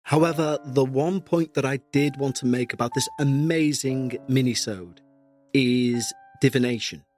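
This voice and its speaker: A man with a Scouse accent, a podcast host reading out a listener's story and then commenting on it in an earnest, measured way, his throat still sore. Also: mid-range voice, darkish tone, faint music behind.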